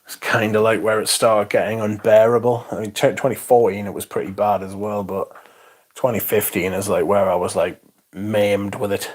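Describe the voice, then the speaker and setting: Guy about forty, low voice, rambly livestream chat, swears a bit. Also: flat delivery, normal speed. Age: 40s. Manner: chatty, rambling, swears casually. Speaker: fragrance livestream host. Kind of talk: casual livestream chat reading viewer comments.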